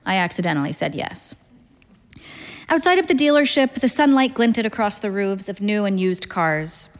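Deadpan woman reading a short story. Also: medium pitch, moderate pace, in a large hall. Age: 30s. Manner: dry, deadpan, wry. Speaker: narrator.

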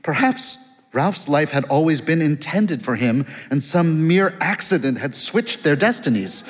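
A man narrating a literary novel as an audiobook, lively and reflective. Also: on the high side, unhurried, in a large hall.

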